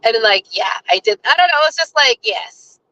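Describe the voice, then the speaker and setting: Chatty woman with a bright voice. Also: fairly high pitch, lively intonation, brisk, dry recording, lo-fi sound. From United States. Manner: chatty, rambling, frequent fillers. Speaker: vlogger. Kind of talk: casual chat.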